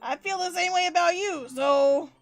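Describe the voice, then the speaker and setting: A woman's voice: extremely high pitch, normal speed, soft background music. A woman reading as a prickly shy teen girl. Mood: flustered. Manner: read aloud casually from game text.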